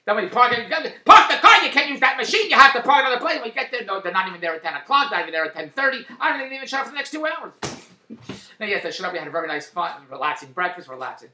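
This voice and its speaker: A man rattling off a comic rant at top speed, his voice bright and sharp. He jumps from mutters to loud outbursts, and his voice bounces around an echoey room. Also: high voice, fast. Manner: excitable, swings to loud exclamations. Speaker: vlogger and TV marketer. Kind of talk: rambling comic monologue.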